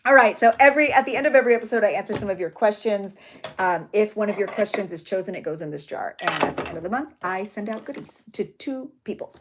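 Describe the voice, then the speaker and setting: A woman's voice: medium pitch, lively intonation, fast, noisy background. Middle-aged woman, chatty emotional craft vlogger. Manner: chatty, emotional, tearful at times. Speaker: journaling channel host. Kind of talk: chatty crafting vlog talk.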